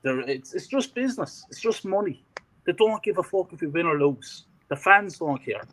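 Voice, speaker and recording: Frustrated man with a lively voice. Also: high voice, normal speed, rough recording. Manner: frustrated, emotional ranting. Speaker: fan podcast co-host. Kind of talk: casual chat.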